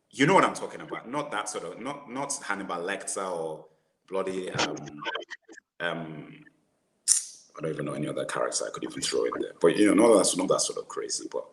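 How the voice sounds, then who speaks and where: Animated man in an echoey room. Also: sits low. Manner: animated, laughs at his own jokes, restarts sentences. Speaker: podcast co-host. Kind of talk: casual movie discussion.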